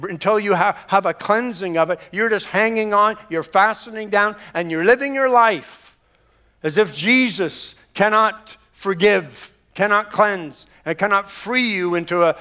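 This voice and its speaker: A man preaching a sermon to a church congregation, impassioned, with frequent restarts, swinging from loud declarations to hushed asides. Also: high voice, smooth. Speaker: pastor. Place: church hall.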